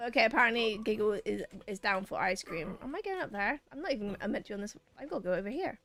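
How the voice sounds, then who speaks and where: A woman's voice: medium pitch, animated, quick pace, few pauses, a bit bright, no echo. A woman streaming a video game who chats playfully with her viewers, reading their messages aloud and bantering back. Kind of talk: casual chat with a live chat while gaming. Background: faint game music.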